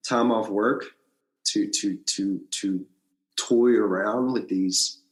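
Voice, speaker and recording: A man from Alabama, a podcast guest, recounting his past in animated casual storytelling, often restarting his sentences. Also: slow pace. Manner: animated storyteller, frequent restarts and big pitch swings. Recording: echoey room.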